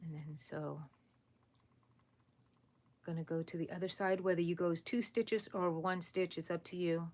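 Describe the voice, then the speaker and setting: A woman hosting a live crochet stream, chatting casually with viewers while she works and counting her stitches out loud. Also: fairly low pitch, fairly even intonation, a little slow, long pauses. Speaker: crochet channel host. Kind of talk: live crochet tutorial chat.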